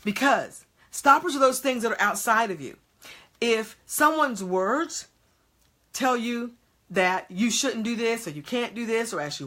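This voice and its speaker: A woman's voice: a little high, animated, moderate pace, a bit bright. A middle-aged woman teaching a group of women, emphatic, drawing out key words and checking in with "okay?" after each point. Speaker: women's ministry speaker and teacher. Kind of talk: motivational teaching to a live group.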